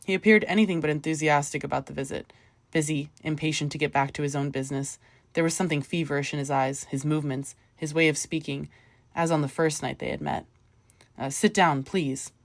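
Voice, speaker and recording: A woman narrating a short story audiobook in a measured, even manner. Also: low voice, no room sound.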